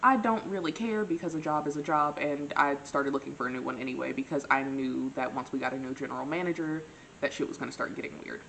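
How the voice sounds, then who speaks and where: A young woman with a low, deep-set voice tells a dating story in a casual, dramatic way, full of playful asides. A faint hum sits behind her voice. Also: fairly even intonation, quick pace, vocal fry, a bit bright, low-quality recording. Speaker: vlogger.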